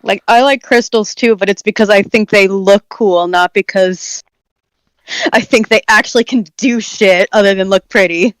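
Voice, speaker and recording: A woman's voice: mid-range voice, normal speed, clean tone, dry recording, low-quality recording. A woman chatting casually with friends, blunt and sarcastic, swearing freely. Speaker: friend on a group call. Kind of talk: casual chat.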